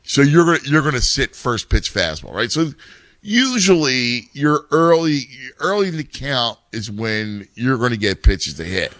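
A man's voice: medium pitch, sing-song, measured pace, fairly bright tone, dry recording. A middle-aged man, a youth baseball coach and parent, talking in casual chat, rambling with many restarts.

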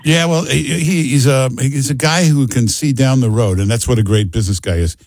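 A man's voice: mid-range voice, a little fast, gravelly, darkish tone, dry recording. A man hosting a talk radio show, brash and teasing with callers and co-host. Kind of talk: casual talk radio banter. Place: radio studio. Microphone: studio microphone.

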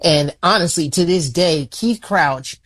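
A man in his forties from Chicago, a singer talking casually in an interview, animated and often restarting his sentences. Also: fairly high pitch, a little slow. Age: 40s. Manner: animated, repeats words when starting sentences. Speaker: singer guest.

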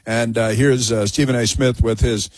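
A man's voice: medium pitch, fairly even intonation, normal speed, dry recording. A man hosting a talk radio show, delivering sarcastic, mocking commentary that rambles with frequent fillers.

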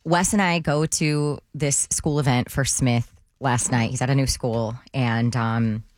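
A woman co-hosting a morning radio show, telling a lively story and acting out the voices of the people in it. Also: extremely low pitch, a little slow. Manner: animated storytelling, acts out quotes. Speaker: radio co-host.

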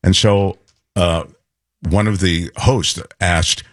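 Man, middle-aged, radio co-host, low voice, dry studio sound, animated storyteller. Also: slow, no echo. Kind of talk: casual chat, anecdote telling.

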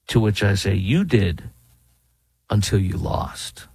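Indignant male political commentator, husky and dry. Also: lowish voice, expressive, slow pace, a little mellow, dry recording, low-quality recording. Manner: indignant, mocking, reads quotes aloud then rebuts them. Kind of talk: opinionated commentary monologue.

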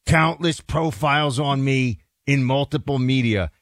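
A man co-hosting a political talk show, speaking indignantly, with his voice climbing high as he gets worked up. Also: measured pace, no echo, clean studio sound. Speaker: talk radio co-host.

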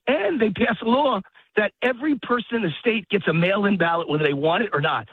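A man's voice: high voice, a little fast, husky, dry recording. Breathless man ranting over a tinny phone. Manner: emphatic, heated, repetitive ranting. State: out of breath while walking a dog. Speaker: guest commentator. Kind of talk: phone-in political talk. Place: outdoors in a park. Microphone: phone line. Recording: tinny phone line, dry.

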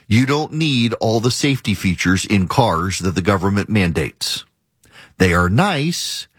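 A man's voice: on the low side, husky, no room sound, studio quality. A man hosting a talk radio show, delivering an emphatic, argumentative monologue and hammering his points home by repeating them. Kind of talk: opinionated monologue.

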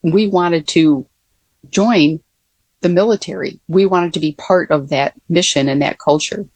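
A woman's voice: on the low side, unhurried, darkish tone, breathy edge, no room sound. An older woman, a former Air Force pilot, telling stories in a casual interview with many fillers and restarts.

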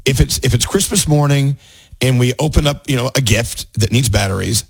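A man's voice: mid-range voice, fairly quick, breathy edge, no echo. A man hosting a radio show, chatting casually in the studio and laughing often.

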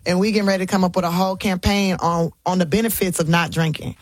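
A woman's voice: on the low side, fast talker, no echo. A woman talking as an interview guest in casual chat, telling stories bluntly in slang and laughing as she goes. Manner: blunt, colloquial storytelling with slang; animated, laughing storyteller.

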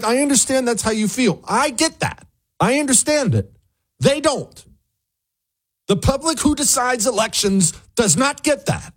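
A male talk radio host in full monologue, his pitch swinging widely as he presses his point. He sounds emphatic and sarcastic, and at times openly pleading.

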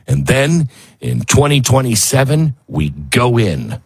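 A man's voice: mid-range voice, slow, gravelly, husky. A man hosting a talk show, giving sarcastic, mocking opinionated commentary. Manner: sarcastic, mocking, lively with laughs.

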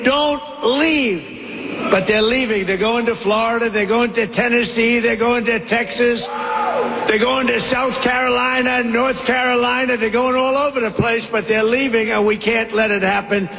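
Older guy at a rally, repeats himself, growly, loud crowd noise behind, roomy echo. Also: extremely high pitch, level tone, normal speed, creaky. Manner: repetitive, emphatic, growling delivery. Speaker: politician giving a speech. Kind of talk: rally speech. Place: large venue before a huge crowd. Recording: roomy echoing clip with loud crowd ambience.

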